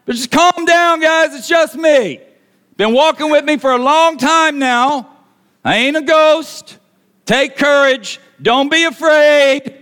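A man playing a figure who shouts reassurance over a loud storm, urgent and yelling. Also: extremely high pitch, slow pace, pitched above the performer's own voice, exaggerated voice. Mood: shouting.

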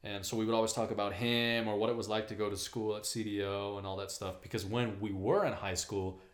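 A man's voice: on the low side, a little fast. A young man chatting casually with friends, swearing freely and acting out the people in his stories. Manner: animated storyteller, swears, acts out quoted voices. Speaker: friend in group chat. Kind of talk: casual chat. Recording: echoey room.

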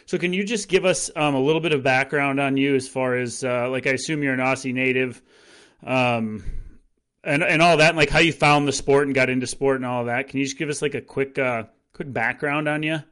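A man's voice: mid-range voice, fairly even intonation, fairly quick, fairly bright tone, smooth. A man hosting a podcast, asking questions in a chatty, self-deprecating way with plenty of fillers. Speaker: podcast host. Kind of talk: casual interview chat.

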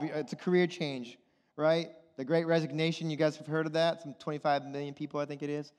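A middle-aged male pastor preaching a sermon, animated and firing rhetorical questions at the congregation. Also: fairly high pitch. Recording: long reverb of a large hall.

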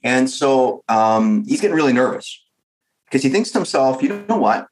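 Guy spinning a story on a podcast, animated, lots of "like". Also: medium pitch, moderate pace, low-quality recording. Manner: animated, uses filler "like". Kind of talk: storytelling in casual chat.

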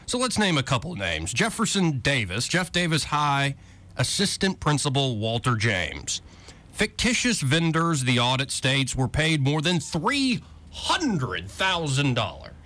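Wry talk radio host. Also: male voice, medium pitch, wildly swooping pitch, unhurried, bright, forceful tone. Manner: wry, amused, reading aloud with sarcastic asides.

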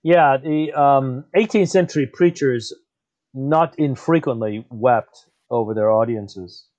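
A thoughtful man talking through history in an unhurried, conversational way, now and then pausing to correct his own phrasing. His voice sits at an everyday middle pitch, and the recording sounds a bit dull and muffled. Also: a little mellow. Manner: thoughtful, self-correcting, wide-ranging pitch. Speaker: historian guest. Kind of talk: conversational explanation. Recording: slightly dull muffled audio.

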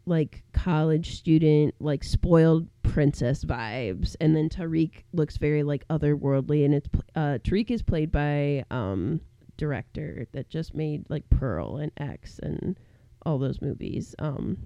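A woman's voice: sits low, unhurried, dry recording, lo-fi sound. A woman podcast co-host casually recapping a horror film, full of "like" fillers and acting out the characters' lines. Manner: animated storyteller who acts out characters in quotes, many "like" fillers.

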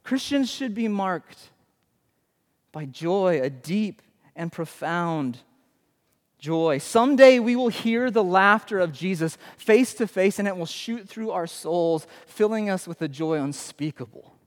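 A male pastor delivers a lively, conversational sermon, tossing questions out to his listeners. His voice sits a touch high for a man. The sound rings with long reverb from a large church hall. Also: measured pace. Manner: animated, conversational preaching with rhetorical questions.

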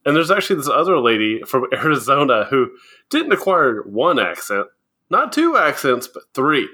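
A man's voice: medium pitch, very animated, moderate pace, pushed and bright, slightly rough. A man co-hosting a casual podcast chat, explaining things and often laughing as he goes. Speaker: podcast co-host.

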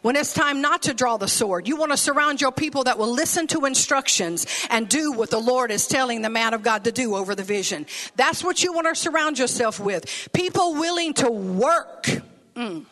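A woman's voice: fairly high pitch, expressive, moderate pace, a bit bright. A woman preaching a sermon with folksy phrasing and laughing asides.

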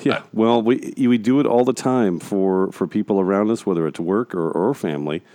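Male podcast co-host, earnest and emphatic, mellow timbre, dry close sound. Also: on the low side, normal speed, no echo. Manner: earnest, repetitive emphatic phrasing. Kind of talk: casual faith discussion.

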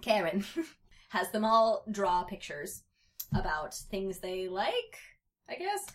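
A woman's voice: mid-range voice, very animated, takes it slowly. A young adult woman hosting a casual comic podcast, reading fan fiction aloud with giggly, sarcastic asides. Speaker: podcast host.

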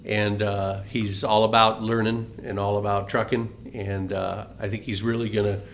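A man's voice: lowish voice, little pitch movement, moderate pace, a little hiss or hum. A man co-hosting a casual podcast, giggling through his own jokes. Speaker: podcast co-host.

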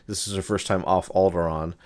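A man's voice: deep voice, steady tone, a little fast. A man in casual chat as a podcast co-host, rambling with lots of fillers. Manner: rambling, lots of ums and likes.

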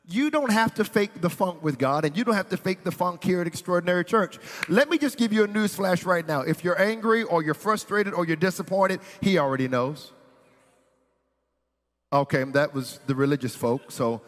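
A man's voice: high voice, lively intonation, normal speed, fairly bright tone. Preaching man in a reverberant church. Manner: preaching with rising intensity and playful asides. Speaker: pastor. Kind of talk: sermon. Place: church sanctuary.

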